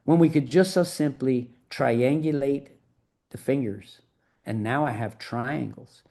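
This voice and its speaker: A man's voice: mid-range voice, measured pace, gravelly, warm tone. A middle-aged man as an interview guest, talking in a fired-up, emphatic and profane way. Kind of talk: podcast interview.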